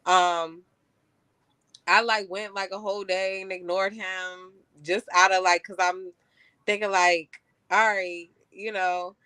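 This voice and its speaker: A woman's voice: mid-range voice, level tone, takes it slowly, sharp tone, smooth, dry recording. A young woman in casual conversation, candidly recounting her dating mistakes and saying "like" and "you know" often. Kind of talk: casual chat.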